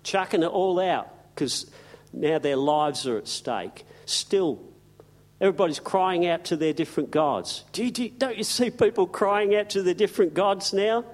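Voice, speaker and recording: A man's voice: high-pitched, animated, normal speed. A man preaching a sermon, telling the story in a folksy, emphatic way with slang and asides.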